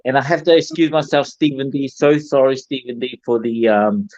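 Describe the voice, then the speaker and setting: A man's voice: mid-range voice, steady tone, normal speed, a crowd in the background. Apologetic New man, dull audio. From New Zealand. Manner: apologetic, laughs, playful. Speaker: podcast guest. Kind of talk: casual chat.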